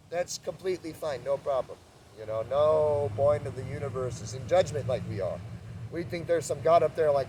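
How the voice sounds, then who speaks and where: A man giving a spiritual talk, who swings from soft, calm speech to loud mocking voices. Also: fairly high pitch, fairly quick, recorded from a distance, slight background noise, rough recording. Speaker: spiritual teacher. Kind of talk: spiritual monologue.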